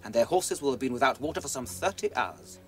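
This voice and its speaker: An actor plays a commanding intelligence officer giving orders in a measured, authoritative tone. His pitch swings widely, and a music score runs beneath. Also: expressive, lightly acted. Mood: briefing. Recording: music score under the dialogue.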